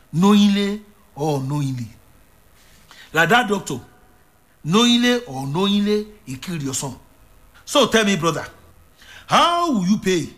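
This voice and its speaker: A man preaching a sermon, emphatic and repetitive, swinging from loud declarations to hushed lines. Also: high-pitched.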